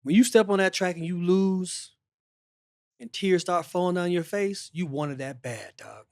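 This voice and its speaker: High-voiced, animated man host. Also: measured pace, dry recording, clean studio sound. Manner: animated storytelling, repeats phrases. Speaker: show host. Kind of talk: casual sports chat.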